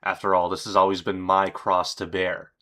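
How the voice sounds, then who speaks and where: A man reading as a grim, weary man writing a confession journal, in a solemn, measured way. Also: low-pitched, monotone, bright, forceful tone.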